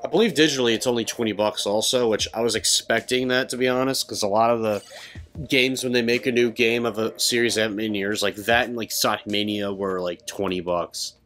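A man's voice: lowish voice, fairly even intonation, a little fast, fairly bright tone, faint music behind. Chatty man in gaming commentary. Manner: chatty, rambling storyteller. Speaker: let's play co-host.

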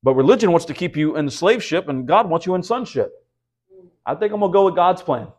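A man's voice: on the high side, lively intonation, brisk, darkish tone. A man, teaching the Bible at a house church. He preaches in an easy, conversational way, often asking the room rhetorical questions. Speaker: pastor.

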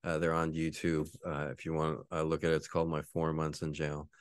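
A man's voice: a bass voice, monotone, brisk, clean tone, no room sound, clean studio sound. A man in his forties, a podcast host, telling a rambling, profane story with frequent laughter. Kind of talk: casual storytelling.

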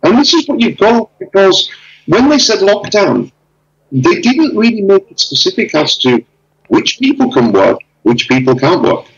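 A man talking casually over a video call, spinning animated anecdotes and putting on the voices of the people in them. His voice sits a little high and swoops all over, with a gravelly edge. The call audio is dull and lo-fi. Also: moderate pace. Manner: animated storyteller, acts out dialogue. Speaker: interviewee.

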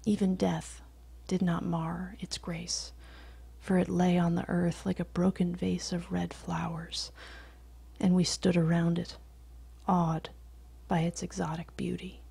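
A woman reading a short story aloud in a soft, often whispered voice, slow and steady. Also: on the low side, creaky, slightly rough.

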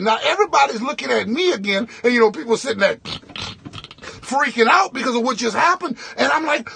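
A male comedian spins an animated story in a quick vlog, doubling back on his words for effect. His voice sits very high for a man, bright and edgy with a husky, gravelly grain. The sound is close and dry. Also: no room sound. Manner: fast, animated storytelling with repetitions. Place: inside a tractor.

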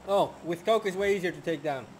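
A man's voice: high voice, fast talker, a little hiss or hum. A young man in casual, joking banter while playing an online game with a friend. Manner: joking, bantering, bossy at times. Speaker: gamer. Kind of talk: casual gaming chat.

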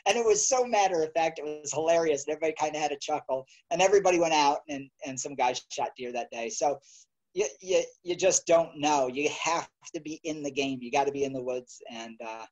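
A man from New York, a guest author, telling stories casually with an animated, chuckling manner. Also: fairly high pitch, brisk, rough recording. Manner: animated anecdote teller, chuckling. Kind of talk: casual storytelling.

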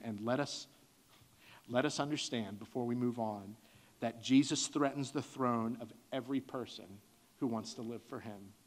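A middle-aged man preaching a sermon to his church, earnest, lifting his voice for emphasis and dropping it soft. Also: medium pitch. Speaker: pastor. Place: church sanctuary.

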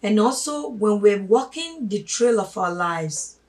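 A woman giving a spoken sermon, emphatic, swinging from loud stresses to hushed asides and calling listeners her brothers and sisters. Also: medium pitch, lively intonation, measured pace. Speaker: religious teacher. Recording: voice a little distant from the mic.

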